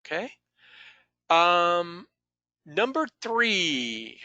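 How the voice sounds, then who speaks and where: A man's voice: a little high, lively intonation, unhurried, vocal fry, sharp tone, dry recording. A man teaching an online class over a video call, patiently calling on students by name.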